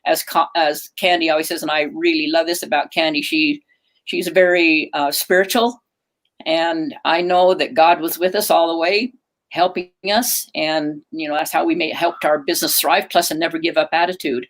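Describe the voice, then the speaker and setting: A woman's voice: low-pitched, fairly even intonation, moderate pace, low-quality recording. Earnest older woman from Utah. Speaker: bullet company founder. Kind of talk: casual interview talk.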